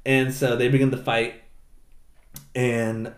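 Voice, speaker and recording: Casual male co-host, animated storyteller who does silly voices, mid-pitched, roomy echoey recording. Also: takes it slowly. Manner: animated retelling, acts out characters in silly voices, swears casually. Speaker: podcast co-host recapping an anime. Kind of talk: casual chat. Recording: roomy echo.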